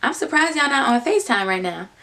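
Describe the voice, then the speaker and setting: A woman's voice: high-pitched, very animated, fast talker, bright, forceful tone, voice pushed up, exaggerated voice. A woman voicing a sassy young woman who teases and calls people out. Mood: teasing. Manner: teasing, mocking.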